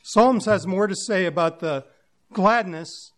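A man's voice: high-pitched, unhurried. A man preaching a sermon to his congregation, musing aloud in a plain-spoken way and using homely examples.

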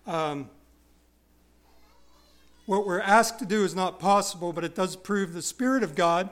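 A man preaching an expository sermon, stressing key words by repeating them and dropping into quiet, self-deprecating asides. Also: high-pitched, a little slow. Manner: wide swings from loud stresses to quiet asides.

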